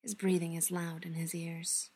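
A woman reading a story aloud, softly and unhurriedly, often dropping to a hush. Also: lowish voice, little pitch movement, breathy edge. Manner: soft, unhurried, often hushed. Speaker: reader. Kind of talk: storybook narration read aloud.

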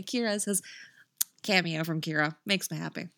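A woman reading fan fiction aloud on a couch in a friend's house, expressive, laughing and swearing at her own slips. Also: on the low side, a little fast, gravelly, no room sound, clean studio sound. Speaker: podfic reader.

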